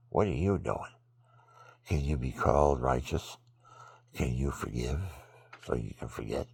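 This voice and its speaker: A vlogger with a very low, gravelly, husky, worn voice rambles about faith while struggling against sleep, extremely tired. He jumps from loud bursts to near-whispers. It sounds like a phone recording in a dry, close room at home, with no room sound.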